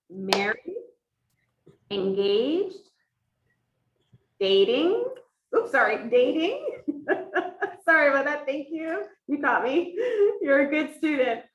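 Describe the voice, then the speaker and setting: Slow, lively-voiced woman interpreting a class. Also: high-pitched, slight background noise. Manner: measured, explains step by step, speaks in first person for the teacher. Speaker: sign language interpreter voicing the teacher. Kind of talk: voiced sign language lesson. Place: classroom for a hybrid in-person and online class. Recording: echoey room from far off.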